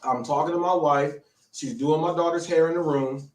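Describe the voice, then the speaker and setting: Breathless American host, a bit high-pitched, echoey and distant, keeps restarting his words. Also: steady tone, moderate pace, a little mellow. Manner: breathless, repetitive, stammering restarts. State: out of breath and shaken. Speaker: live show host. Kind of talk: excited live-stream storytelling. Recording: echoey room, distant mic.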